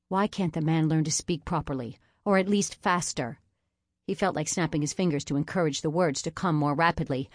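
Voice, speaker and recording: An audiobook narrator, a woman with a low-pitched voice, reads scripted narration from a novel. Her storytelling is measured and even, recorded at studio quality with no room sound.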